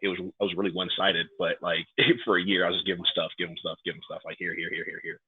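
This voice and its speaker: A man's voice: low voice, fast, husky. A man in his thirties, from New York and raised in Atlanta, telling stories in a casual podcast interview and acting out the quotes. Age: 30s. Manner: animated storyteller, acts out quotes. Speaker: guest, pro wrestler. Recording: tinny phone-like line.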